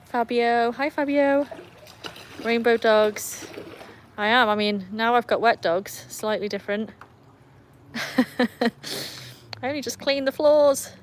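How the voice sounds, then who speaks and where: A woman's voice: on the high side, slow, pauses often, slight background noise. English woman chatting on a live stream. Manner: chatty, greets viewers and scolds her dogs playfully. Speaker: livestream host. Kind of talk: casual live chat. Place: outdoors beside a backyard pool in the rain. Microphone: phone. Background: faint rain and outdoor ambience.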